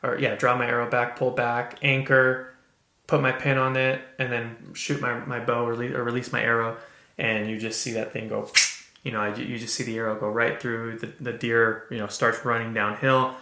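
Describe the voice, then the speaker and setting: A man hosting a podcast, telling a personal story in an earnest, halting way with many restarts. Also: medium pitch, level tone, bright, forceful tone, reverberant. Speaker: podcast host. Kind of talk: casual storytelling.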